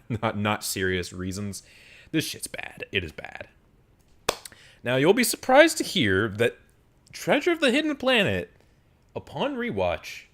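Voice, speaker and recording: Animated, low-voiced man ranting reviews. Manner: animated, profane ranting with frequent fillers. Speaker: film reviewer. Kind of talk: casual film review monologue.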